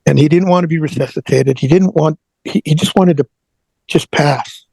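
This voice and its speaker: A man's voice: on the high side, normal speed, gravelly, darkish tone, husky, no echo. A man who is a guest on an interview show, telling a personal story earnestly and often repeating his words.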